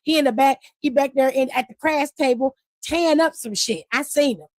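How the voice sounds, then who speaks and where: A woman hosting a live stream, recapping wrestling in casual chat, animated, profane and laughing often. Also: high voice, a little fast, no echo.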